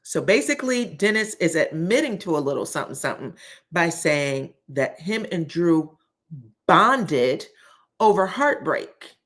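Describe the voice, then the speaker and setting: A woman's voice: on the low side, big pitch swings, unhurried, a bit bright. A woman recapping a reality TV episode in a chatty, opinionated way, talking straight to her viewers. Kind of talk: casual recap vlog.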